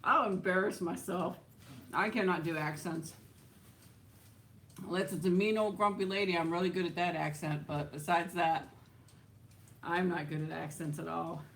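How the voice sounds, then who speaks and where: A woman's voice: lowish voice, steady tone, moderate pace, pauses often, fairly bright tone, slight background noise. A woman hosting a casual livestream, chatting and answering viewer comments, laughing often and trailing off with "so". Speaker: livestream host. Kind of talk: casual live chat reading viewer comments.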